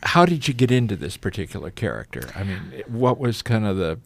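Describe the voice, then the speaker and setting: A man's voice: fairly low pitch, sing-song, a little fast, gravelly. Man asking curious questions. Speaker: interviewer. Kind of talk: casual interview.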